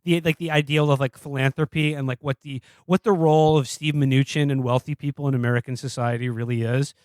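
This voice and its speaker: A man's voice: mid-range voice, steady tone, quick pace, a little mellow, no room sound. A man co-hosting a podcast, rambling and sardonic as he reviews a film in casual, profane chat. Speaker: podcast co-host.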